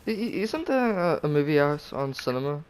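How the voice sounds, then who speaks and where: A man's voice: a little high, very animated, fairly quick, a little hiss or hum. A teenage boy in a casual podcast chat, hesitant and stammering, teasing his friend. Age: teens. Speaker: podcast co-host.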